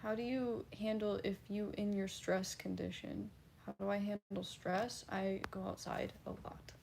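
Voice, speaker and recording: A woman's voice: medium pitch, little pitch movement, unhurried, vocal fry, a little mellow, a little hiss or hum. A woman livestreamer casually reading and answering chat, blunt and laughing, swearing freely.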